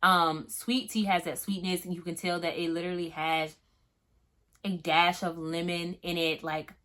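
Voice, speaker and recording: A young Southern woman from Florida talks her way through a casual fragrance review, emphatic and chatty, with many fillers. Her voice sits a little low but sounds bright and forward. She keeps checking in with the listener as she goes. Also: flat delivery, normal speed. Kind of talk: casual product review vlog.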